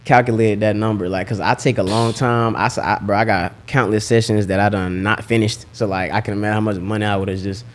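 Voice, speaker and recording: A young rapper with a Southern US accent talks fast in a slightly low voice. He tells his stories in a laid-back, slang-heavy way. It sounds like a casual interview chat. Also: steady tone. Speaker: rapper and guest.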